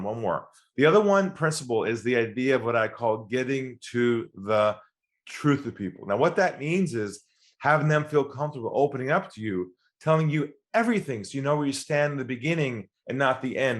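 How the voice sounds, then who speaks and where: A man guest on an interview podcast, teaching sales by telling stories and acting out both sides of phone calls. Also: mid-range voice. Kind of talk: storytelling interview talk.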